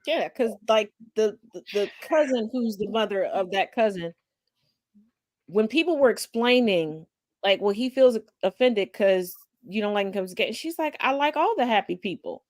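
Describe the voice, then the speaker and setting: A woman hosting a casual chat, telling a family story with animated energy, acting out her relatives and swearing freely. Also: medium pitch, normal speed, no room sound, clean studio sound. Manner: animated storyteller who acts out family members. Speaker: host.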